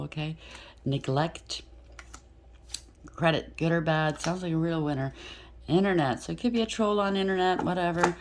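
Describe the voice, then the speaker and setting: A woman's voice: on the low side, a little hiss or hum. A woman giving a casual tarot reading, chatty and blunt, thinking aloud and swearing freely. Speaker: tarot reader.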